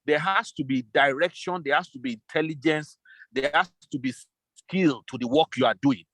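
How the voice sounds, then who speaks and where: On a remote interview call, a man who works as a business consultant responds in a slightly high, somewhat bright voice at normal speed. With no room sound audible, he methodically builds his answers step by step.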